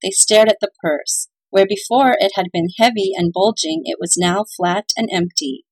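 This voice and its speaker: A woman with an expressive, mid-range voice, a little mellow and husky, reads at normal speed. In a playful, cheerful radio-announcer style, she narrates a scripted children's Christmas story, though the recording is dry and the audio poor.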